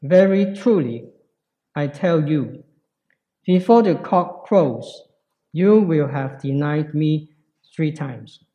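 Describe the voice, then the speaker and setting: A man preaching a sermon in a slow, reflective way with pauses. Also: on the high side, lively intonation, highs cut off.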